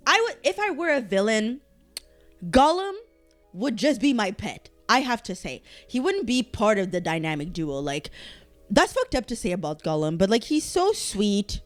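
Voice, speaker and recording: A woman hosting a casual solo podcast, talking animatedly and swearing as she reacts to quiz results. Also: mid-range voice. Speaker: podcast host.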